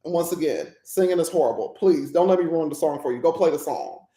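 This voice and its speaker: A woman's voice: deep voice, lively intonation, quick pace, dark tone. Woman podcast host, solo reflective monologue, candid and emotional, rambling restarts, echoey room.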